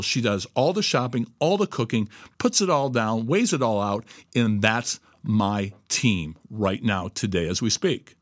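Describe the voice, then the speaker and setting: A man's voice: medium pitch, dry recording, studio quality. A middle-aged man giving a profane motivational monologue, blunt and emphatic, swearing constantly. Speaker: host.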